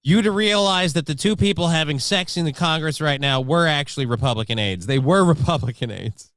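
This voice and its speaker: A man's voice: on the high side, animated, brisk, fairly bright tone, clean tone, no room sound. A man co-hosting a morning talk show, dropping crude punchlines in casual banter.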